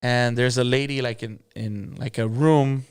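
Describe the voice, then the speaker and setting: Brief: mariachi singer, interview guest, smooth clear tone, lively anecdote teller. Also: male voice, mid-range voice, unhurried. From Los Angeles. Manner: lively storyteller who acts out quotes and mixes in Spanish. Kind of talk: casual storytelling in an interview.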